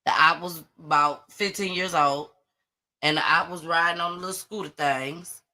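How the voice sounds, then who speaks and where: Bright-voiced woman hosting a live show. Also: low voice, normal speed. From Atlanta area. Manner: chatty, animated, greets viewers by name. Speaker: host of a live online gossip and news show. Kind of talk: casual live-stream commentary.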